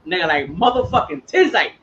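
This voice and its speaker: A man with a high, bright, sharp-edged voice, talking on a casual podcast in a heated and profane way. The sound is dull and lo-fi, with a faint hiss underneath. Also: very animated, a little fast. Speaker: podcast host.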